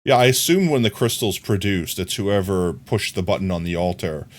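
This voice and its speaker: A man streaming a game live, chatting in a relaxed, rambling way and thinking aloud to his viewers. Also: low voice, moderate pace. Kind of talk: casual gameplay chat.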